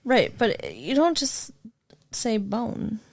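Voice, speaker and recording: A woman's voice: fairly high pitch, huge pitch swings, slow, vocal fry, no echo. A woman co-hosting a podcast in casual comedic chat, sarcastic and playful, often breaking into giggles. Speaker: podcast co-host.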